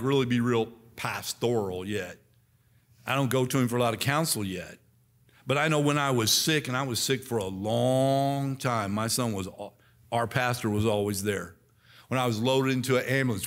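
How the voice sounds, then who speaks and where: A man's voice: mid-range voice, fairly bright tone. A man in his sixties giving a folksy, conversational church address, repeating himself and leading the congregation in call-and-response. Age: 60s. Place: church sanctuary.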